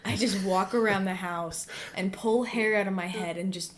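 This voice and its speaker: A young woman co-hosting a podcast in casual chat, tired and lightheaded, soft and laid-back, saying "like" often. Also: mid-range voice, fairly even intonation, normal speed, noisy background. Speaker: podcast co-host.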